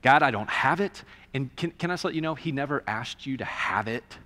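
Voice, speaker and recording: Bright, lively preaching man in a hall. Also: mid-range voice, a little fast. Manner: conversational preaching, swings from loud to hushed. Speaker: pastor. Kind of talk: sermon. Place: church sanctuary.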